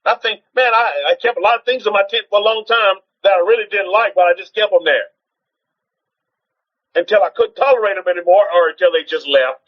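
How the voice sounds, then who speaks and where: High, husky-voiced man preaching on a stream. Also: a little fast, muffled recording. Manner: repeats rhetorical questions; exhorting, with frequent restarts. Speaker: preacher on a livestream. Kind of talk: informal teaching sermon.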